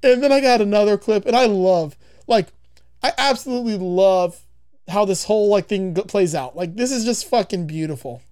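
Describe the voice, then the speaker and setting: A man's voice: high voice, moderate pace, clean tone. A man casually recapping a film scene by scene, laughing often and swearing freely. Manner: laughing, swearing, animated retelling. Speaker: podcast host recapping a film. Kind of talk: casual chat.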